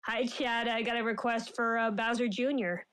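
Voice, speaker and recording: Woman, streamer, casual chat, friendly, giggly, slightly high voice. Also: flat delivery, normal speed, a bit bright, smooth, low-quality recording. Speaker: voice actor and streamer.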